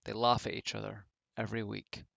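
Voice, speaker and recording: A man's voice: lowish voice, little pitch movement, brisk, gravelly, a bit bright, no echo. A man giving casual solo commentary as a wrestling reviewer, rambling and offhand with many fillers. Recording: dull lo-fi home mic.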